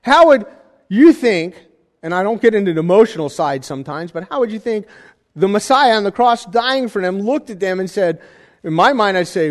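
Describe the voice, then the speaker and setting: A man preaching a sermon in a conversational style, with jokey asides and animated emphasis. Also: high-pitched, normal speed, big-room sound. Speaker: pastor.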